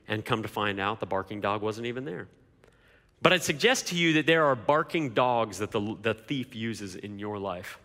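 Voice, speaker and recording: A man's voice: lowish voice, creaky, pushed and bright. A man preaching a sermon as pastor, emphatic, with repeated rhetorical questions. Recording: long hall reverb.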